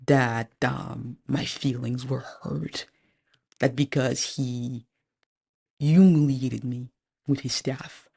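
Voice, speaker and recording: Slow, gravelly-voiced woman recounting events. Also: rumbling low, a little mellow. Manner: measured, deliberate, with frequent pauses and fillers. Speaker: lawyer recounting a personal legal dispute. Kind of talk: personal testimony, spoken slowly with pauses.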